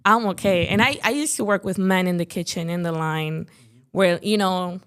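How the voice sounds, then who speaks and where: A young woman from Chicago, on a podcast as a guest, speaks in a smooth, lowish voice at normal speed. She keeps things chatty and informal in the interview, relying heavily on "like" and "you know."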